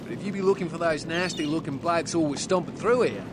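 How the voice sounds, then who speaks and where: A rough, slangy young Australian surfer vampire, voiced by a man in a video game. He sounds worn out and fed up. His lines sit under loud background noise. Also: fairly high pitch, fast talker, natural voice. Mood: gruff. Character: weary young male surfer turned vampire.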